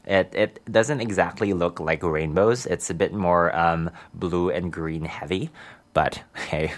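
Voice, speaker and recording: A man's voice: sits low, measured pace. A man hosting a community radio show, chatting casually and giggling with lots of ums.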